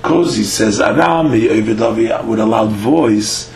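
In an echoey room with a faint hum, a man with a lowish, gravelly voice teaches Talmud. He reads the Aramaic lines one by one and explains each in English, filling pauses with frequent "uh"s.

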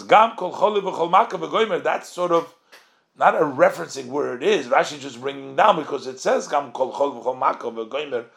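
A man teaching a religious text study lesson, reading short Hebrew phrases and translating them line by line, asking and answering his own questions. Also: a little high. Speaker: Torah teacher.

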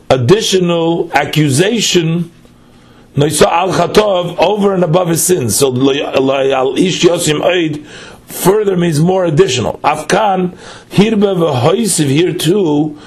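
A man, teaching a text study lesson: he reads phrases aloud, then explains them line by line with patient questions. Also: fairly high pitch.

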